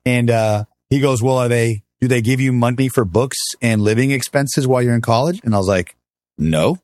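Man in his fifties spinning war stories, voice jumps way up and down when he does other people, dry close mic, mid pitched. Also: a little fast, dry recording. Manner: animated, acts out quoted voices with big pitch swings. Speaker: guest, army veteran. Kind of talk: casual storytelling in a conversation.

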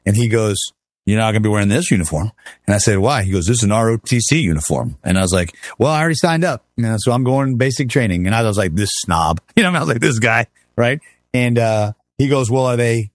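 A middle-aged man telling his army stories as an interview guest, animated, acting out the voices he quotes and laughing often. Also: mid-range voice, no echo, studio quality. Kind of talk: casual storytelling interview.

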